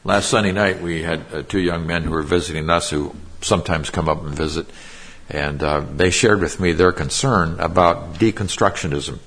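A man's voice: low voice, steady tone, normal speed, fairly bright tone, a little hiss or hum. A middle-aged man preaching a sermon as pastor, explaining Greek grammar and repeating key phrases for emphasis.

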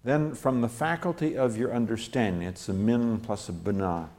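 A man teaching a verse-by-verse Bible study, reading scripture aloud and explaining the Hebrew grammar in a scholarly, unhurried way. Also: medium pitch, a little mellow.

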